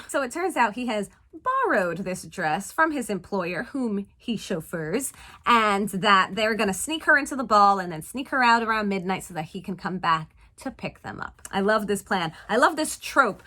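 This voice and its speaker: A woman hosting a casual movie-recap vlog, talking in an animated, playful way with sarcastic asides. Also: mid-range voice, normal speed. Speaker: vlog host reviewing a film.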